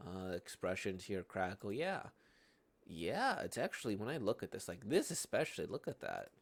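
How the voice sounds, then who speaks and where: A man's voice: on the low side, wildly swooping pitch, moderate pace, vocal fry, breathy edge. A man giving casual reaction commentary, rambling and hesitant, with constant tag questions. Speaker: manga reaction host.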